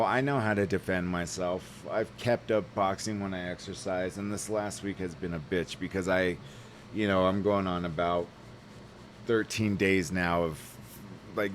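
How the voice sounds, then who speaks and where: Rambling, heated low-voiced man. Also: slight background noise. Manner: rambling, heated storytelling with swearing. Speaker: vlogger. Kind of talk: casual rant to camera.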